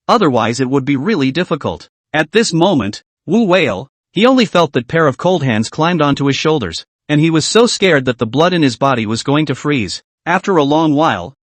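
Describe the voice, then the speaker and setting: A man's voice: a little high, no echo. A man narrating a manhwa recap in a dramatic storytelling manner.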